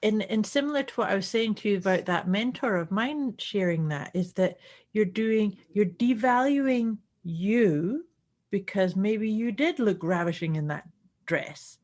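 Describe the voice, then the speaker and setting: A woman's voice: mid-range voice, lively intonation, moderate pace. A woman co-hosting a casual podcast chat, reflective, often repeating words as she searches for what to say. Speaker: podcast co-host, healer.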